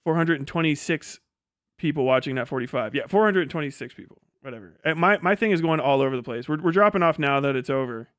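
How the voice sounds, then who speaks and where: Young male streamer, high-pitched and dry, derisive, laughs a lot. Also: fast, a bit bright, no echo. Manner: mocking, laughing often, profane. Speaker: livestream host. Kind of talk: casual livestream rant.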